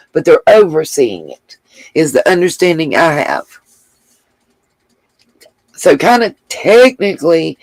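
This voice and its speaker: A woman's voice: lowish voice, vocal fry, no room sound, rough recording. A woman hosting a casual livestream, reading viewer comments aloud and thanking them with gushing endearments. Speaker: livestream host.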